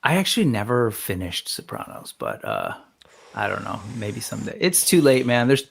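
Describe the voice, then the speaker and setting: A man's voice: fairly low pitch, wildly swooping pitch, moderate pace, vocal fry, husky. A man in his forties hosting a casual livestream, chatting loosely and greeting viewers by name as he reads the live chat. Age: 40s. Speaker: host.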